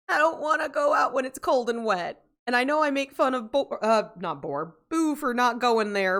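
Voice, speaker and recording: A woman's voice: on the high side, lively intonation, a little slow, long pauses, fairly bright tone. Sleepy rambling woman streamer. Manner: rambling, self-interrupting, chatty with chat readers, laughs often. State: sleepy, yawning. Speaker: game streamer. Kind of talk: casual livestream chat.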